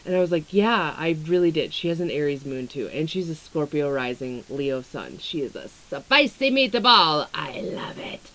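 A young woman with a slightly low-pitched voice chats candidly to her audience. Her talk is loose and rambling, peppered with swearing and fillers as she jumps between topics. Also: expressive, normal speed, few pauses, a bit bright, low-quality recording. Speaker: astrology content creator. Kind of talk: casual vlog about weight struggles and astrology.

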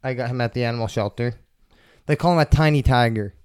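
A man's voice: mid-range voice, fast, a little mellow, clean tone, no echo, studio quality. A man hosting his own podcast from a table at home, rambling and swearing in a laid-back way while he is stoned. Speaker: podcast host. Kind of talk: casual solo podcast chat. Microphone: table mics.

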